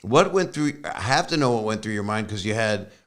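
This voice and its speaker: Lower-voiced man in his sixties hosting. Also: lively intonation, fairly quick, fairly bright tone. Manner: enthusiastic, laughs often, rambling questions. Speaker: podcast host. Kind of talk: casual interview chat.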